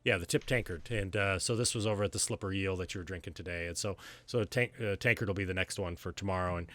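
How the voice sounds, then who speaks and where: A man's voice: deep voice, fast, fairly bright tone, dry recording. A man running a tabletop game as game master, narrating in an easygoing way with lots of fillers and restarts.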